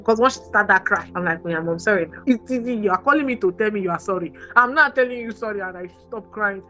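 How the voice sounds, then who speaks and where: A woman with a Nigerian accent speaks as a podcast guest and opens up about her life in a candid, animated way. Her voice is bright and forceful, and she repeats words to press each point home. Soft music sits faintly behind her. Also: mid-range voice, quick pace, low-quality recording. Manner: animated, emphatic, repeats for emphasis. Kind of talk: candid personal storytelling.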